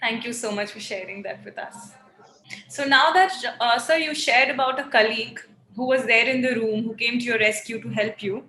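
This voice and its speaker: A woman's voice: fairly high pitch, moderate pace, pushed and bright, roomy sound. A woman hosting a talk show over a video call, polite and deferential, addressing her guest as sir. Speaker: host. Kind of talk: interview hosting.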